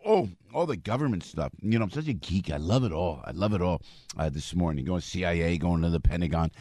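A man with a New Jersey accent hosting talk radio, chatting and rambling excitably as he reads live ads. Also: deep voice, fairly quick, no room sound, studio quality. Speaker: radio show host. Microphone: studio mic.

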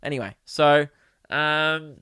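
A man's voice: on the high side, steady tone, slow pace, pushed and bright, clear, resonant tone, dry recording, studio quality. A young man hosting a solo podcast, telling rambling, profane comic stories in a casual chat. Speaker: podcast host. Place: home podcast setup.

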